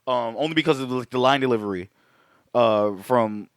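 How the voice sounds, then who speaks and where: A man co-hosting a podcast, casually recapping a film and swearing a lot as he acts out lines in quick voices. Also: mid-range voice, dry recording, clean studio sound. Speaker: podcast co-host.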